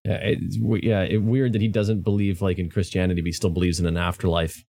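A man's voice: deep voice, flat delivery, fast talker, creaky, warm tone. A man co-hosting a book podcast, thoughtful in his answers. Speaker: podcast co-host. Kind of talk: casual podcast chat.

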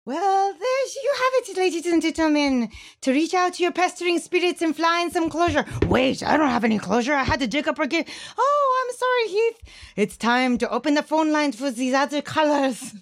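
A woman's voice: sits high, expressive, moderate pace. A woman playing a showy psychic infomercial host with a wandering fake accent, in a hammy, salesy manner.

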